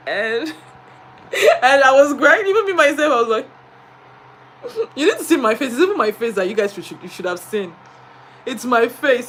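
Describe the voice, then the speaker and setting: Brief: high, bright-voiced woman teacher, animated live stream storyteller who laughs as she talks. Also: slight background noise, rough recording. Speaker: English diction teacher and etiquette coach. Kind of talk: casual live stream chat.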